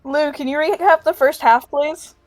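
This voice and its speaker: A woman's voice: high voice, steady tone, normal speed, no echo. Woman rambling through a game recap. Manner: rambling, swears casually, acts out lines mid-recap. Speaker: player. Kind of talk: casual play and recap of a tabletop game.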